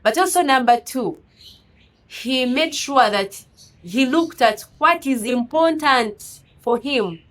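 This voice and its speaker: A woman's voice: high-pitched, lively intonation, slow, fairly bright tone, low-quality recording. A woman with a non-native English accent giving an earnest, exhorting motivational sermon full of rhetorical questions. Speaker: preacher.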